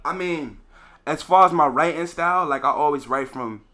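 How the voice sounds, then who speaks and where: A young man, a poet talking casually as a podcast guest, animated and swinging between loud laughing bursts and low quiet storytelling. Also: normal speed. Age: young adult. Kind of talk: casual conversation.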